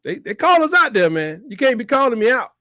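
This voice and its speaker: A man's voice: extremely high pitch, brisk, dry recording, studio quality. A man, co-hosting a casual sports talk podcast and telling stories with lots of acted-out quotes. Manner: animated storyteller, acts out quotes. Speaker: co-host.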